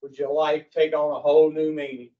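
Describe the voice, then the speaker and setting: A man's voice: on the high side, flat delivery, brisk. A man giving a casual, folksy teaching talk to a recovery group, blunt and profane, quizzing his listeners directly. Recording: dull lo-fi recording.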